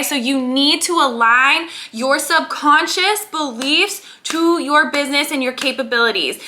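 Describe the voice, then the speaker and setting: A woman's voice: high-pitched, pushed and bright. A woman mindset coach giving an earnest, emphatic motivational talk to camera, stressing and repeating key words.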